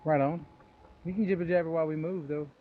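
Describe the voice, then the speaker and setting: A man's voice: a little high, fairly even intonation, quick pace. A man in voice chat during a game, impatiently urging the group to move on. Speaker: gamer. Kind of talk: casual chat over gameplay. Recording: tinny voice chat line with faint hiss.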